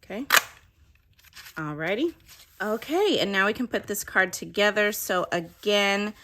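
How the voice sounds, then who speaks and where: A woman's voice: mid-range voice, lively intonation, measured pace, fairly bright tone. A woman giving a casual craft tutorial, chatting and explaining each step as she works. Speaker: craft demonstrator.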